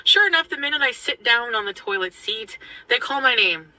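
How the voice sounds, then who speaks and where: French Canadian woman, vlogger, very bright tone, rambling storyteller. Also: a little high, expressive, brisk, no echo, rough recording. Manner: rambling, many fillers and restarts. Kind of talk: storytelling vlog.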